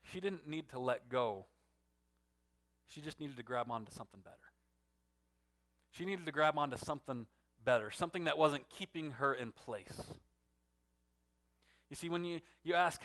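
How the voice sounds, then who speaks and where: Guy pastor in his 30s preaching, kinda high voice, gets loud then drops real quiet. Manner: storytelling, swings from loud emphatic to hushed and soft. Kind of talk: sermon.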